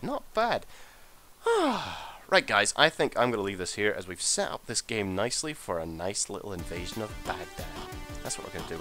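A man giving casual, sweary gameplay commentary as a let's play host, excitable and muttering to himself as he plays. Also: lowish voice.

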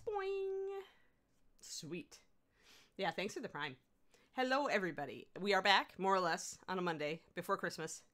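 A woman hosts a casual livestream, rambling about her week in a chatty, giggly way and switching to a high baby voice when she talks to her dog. Her voice is expressive, fairly quick and a bit bright.

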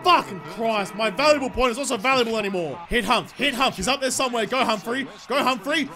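High-voiced excitable young man gaming. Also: fairly quick, over music. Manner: excitable, sweary, shouts at the players. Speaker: gaming YouTuber. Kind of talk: live gameplay commentary.

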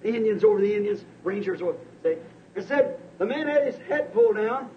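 Man preaching, real high voice, hushed one sec then shouting, muffled old tape w/ faint hiss. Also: animated, fairly quick. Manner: emphatic, swings from hushed to shouting; storytelling with repeated "said". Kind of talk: sermon. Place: church service.

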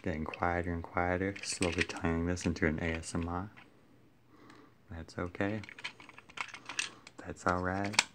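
A man filming a casual vlog on his phone, muttering in a deadpan, self-mocking way. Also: deep voice, a little fast, hardly any pauses, noisy background. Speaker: vlogger. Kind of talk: casual toy unboxing vlog. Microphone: phone camera.

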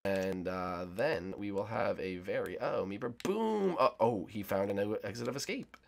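Young man, gaming commentary, gravelly voice, teasing sportscaster play-by-play. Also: lowish voice, lively intonation, moderate pace. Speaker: gaming YouTuber. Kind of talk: excited gameplay commentary.

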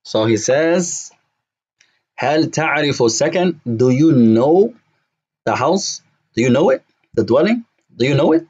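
A man teaching an Arabic lesson, repeating words slowly and drilling phrases to his students. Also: medium pitch, very animated, warm tone, slightly rough, lo-fi sound. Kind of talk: classroom lesson.

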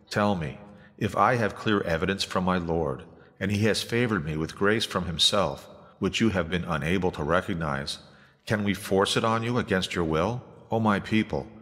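A man's voice: sits low, a bit bright. A man reading as an earnest old prophet. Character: aged male prophet, patient and earnest. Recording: long hall reverb.

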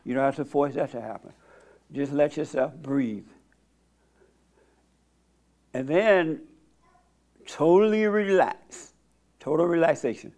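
Male church host, slightly high voice, blunt and direct, leads a calm guided prayer. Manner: blunt, plain-spoken, teasing; slow, soothing instructions during meditation. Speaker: host leading a church meeting. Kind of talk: counseling talk and guided silent prayer.

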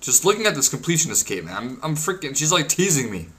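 A young man narrating his gameplay with a bright, sharp tone. He is excitable and crude, swearing freely and laughing or whooping when things go his way. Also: a little high, fast. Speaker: gaming video creator. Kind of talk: casual gameplay commentary.

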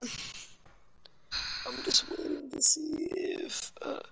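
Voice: sits high, flat delivery, extremely slow, vocal fry, heavy background noise. A gamer chatting casually and joking around in slang while playing online with a friend. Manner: laid-back, joking, slangy.

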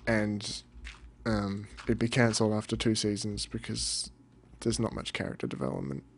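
A young man rambling through casual let's-play commentary, deadpan and cursing now and then. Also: lowish voice, normal speed, gravelly, a little hiss or hum. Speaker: gamer.

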